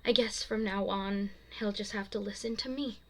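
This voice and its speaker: A young woman, the author, reading her own fiction aloud in a soft, casual way and laughing at her own slips. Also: medium pitch, fairly even intonation, moderate pace, low-quality recording.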